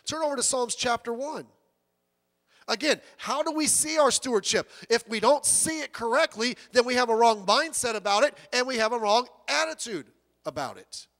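A man's voice: very high voice, expressive, moderate pace, fairly bright tone. A man pastor preaching a sermon to his church, emphatic, repeating words as he drives his points home. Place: church hall. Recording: reverberant church hall.

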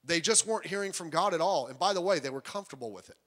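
Animated preacher in a reverberant hall. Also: male voice, on the high side, racing. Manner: animated, acts out quoted voices. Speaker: pastor. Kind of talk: sermon.

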